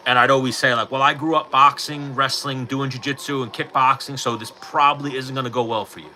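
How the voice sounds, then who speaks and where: A middle-aged man hosting a casual livestream chat, telling fight stories in an animated way, swearing freely and acting out what people said, into his own mic. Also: medium pitch, a little fast, slight background noise, low-quality recording. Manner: animated storytelling, swears freely, acts out quotes. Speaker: livestream host. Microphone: personal mic.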